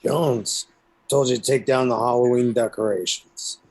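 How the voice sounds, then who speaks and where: A woman's voice: very deep voice, steady tone, normal speed, darkish tone, voice pushed down, poor audio. A woman voicing a curt, bossy male shop manager who barks orders. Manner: barking orders.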